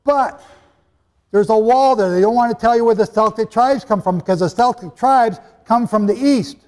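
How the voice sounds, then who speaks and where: A man's voice: high-pitched, moderate pace, darkish tone. A man preaching a sermon-style teaching to a live audience, talking emphatically and conversationally and quizzing his listeners. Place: large hall with an audience. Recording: long hall reverb.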